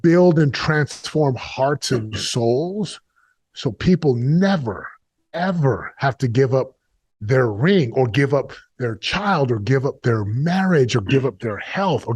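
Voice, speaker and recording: A man's voice: mid-range voice, lively intonation, unhurried, darkish tone, slightly rough, no room sound. Middle-aged male guest, confessional storyteller, repeats himself in bursts, dry close mic. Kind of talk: emotional storytelling interview.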